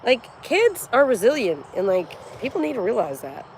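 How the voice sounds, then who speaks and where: With a slightly high voice at a normal speed, a livestream host in her forties chats casually. Her blunt, profane storytelling is animated, and there's a little hiss or hum.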